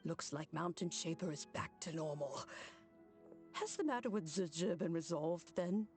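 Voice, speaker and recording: A woman voicing a composed female ally for a game, calm and measured. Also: deep voice, over music.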